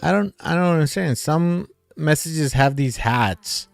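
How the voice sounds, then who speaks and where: A man's voice: a little high, expressive, unhurried, creaky, faint music behind. A man hosting a livestream, reading viewers' comments aloud in casual chat and laughing often.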